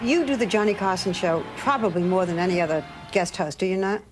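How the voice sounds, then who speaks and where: Woman broadcast interviewer and narrator, measured and probing, music bed behind. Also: mid-range voice.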